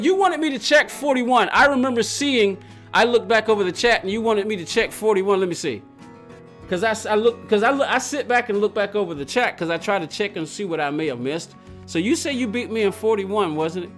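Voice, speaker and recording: A man live-streaming a racing game talks in a high, bouncy voice that swings widely in pitch. He tells stories in loops, restarting and repeating phrases, then turns to read and answer his chat. Faint game music plays underneath. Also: expressive, fairly quick, fairly bright tone. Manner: rambling, repetitive storytelling with frequent restarts; reads and answers chat aloud. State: agitated while recounting.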